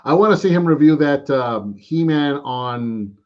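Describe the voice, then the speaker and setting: An American man in a loose, rambling live chat. His voice sits a bit high for a man and comes through dull and lo-fi. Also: lively intonation, a little slow. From United States. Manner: chatty, rambling, says "man" often. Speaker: co-host.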